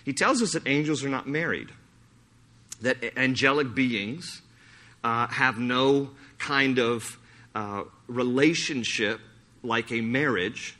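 A man preaching a sermon, telling anecdotes in an animated way with laughter and frequent restarts. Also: mid-range voice, slow. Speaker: pastor.

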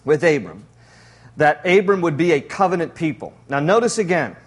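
Male pastor with a high voice, animated, jokey sermon delivery. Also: moderate pace. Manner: animated, jokey preaching with frequent laughs.

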